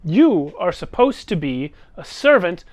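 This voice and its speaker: A man lifting his voice into a cold, imperious council matriarch who speaks with biting sarcasm. She talks slowly and deliberately, pitched high, each word weighted with scorn. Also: sing-song. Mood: haughty. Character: haughty sarcastic older female council leader.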